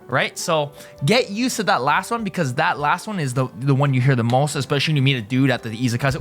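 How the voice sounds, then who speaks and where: A man's voice: mid-range voice, fast, hardly any pauses, fairly bright tone, soft background music. A man teaching in a casual video lesson, explaining in loose restarts and often asking right?. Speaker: language teacher.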